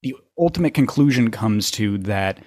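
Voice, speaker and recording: A man hosting a podcast in casual chat, easygoing and thinking out loud with lots of fillers. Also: on the low side, lively intonation, moderate pace, slightly rough, no echo, studio quality. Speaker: podcast host.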